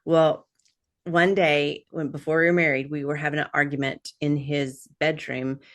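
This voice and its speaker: A woman's voice: deep voice, little pitch movement, moderate pace. A middle-aged woman, a podcast guest, telling rambling personal stories with lots of fillers and laughs. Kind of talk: casual chat.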